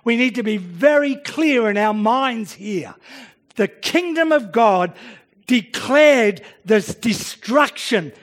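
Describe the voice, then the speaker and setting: A man's voice: very high-pitched, expressive, slow pace, fairly bright tone. A man preaching a sermon, working through a Bible passage and often restarting his phrases as he acts out the voices he quotes.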